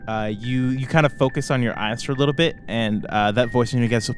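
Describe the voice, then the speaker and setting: A man's voice: medium pitch, quick pace, a little hiss or hum. A man narrating a tabletop game as game master, hesitant and full of fillers.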